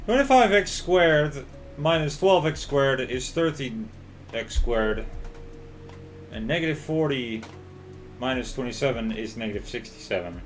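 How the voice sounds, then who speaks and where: A man's voice: medium pitch, expressive, a little slow, soft background music. A man streaming a game, reading its story aloud in narration and reacting with laughs and panicky outbursts. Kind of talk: reading a visual novel aloud while playing.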